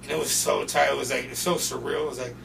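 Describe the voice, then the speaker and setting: A young man from North Portland, Oregon, guesting on a podcast and telling profane, animated stories full of acted-out quotes. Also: medium pitch, quick pace, gravelly. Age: young adult. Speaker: guest rapper. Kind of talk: casual storytelling interview. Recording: distant mic with noisy background.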